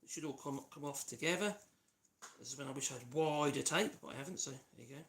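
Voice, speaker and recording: A man's voice: mid-range voice, fast talker, a bit bright. A man with a Norfolk accent, hosting a live woodworking stream, chatting loosely and humming to himself while he works. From Norfolk, East of England. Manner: rambling, hums and chats while working. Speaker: woodworking channel host. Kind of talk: casual live workshop demonstration. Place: home workshop. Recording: noisy workshop livestream. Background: sanding and tool noise.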